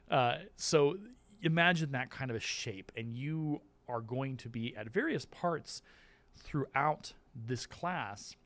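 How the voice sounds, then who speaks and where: Animated rambling male teacher. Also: medium pitch. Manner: rambling, animated, with restarts and playful voices. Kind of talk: classroom lesson explanation. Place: classroom.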